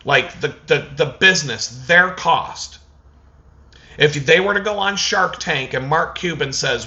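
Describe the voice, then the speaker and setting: Man, casual vlog rant, profane, animated storytelling, bright forceful voice, slightly muffled lo-fi sound. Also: a little high, measured pace. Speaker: vlogger.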